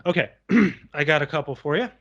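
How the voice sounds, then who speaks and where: Man, podcast co-host, casual film chat, slightly higher voice, acts out quotes. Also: brisk, vocal fry, dull audio, heavy background noise. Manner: animated, acts out movie lines.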